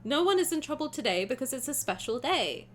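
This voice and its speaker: A young woman streamer reacting to a game with excitable, casual commentary. She swears and laughs often. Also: high-pitched, a little fast, faint music behind.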